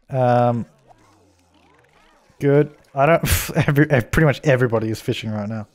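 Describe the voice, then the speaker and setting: A man's voice: mid-range voice, normal speed, long pauses. Chatty man narrating a life sim. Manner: chatty, laughing often, talking to his game characters. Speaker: let's play host. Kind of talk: casual gameplay commentary.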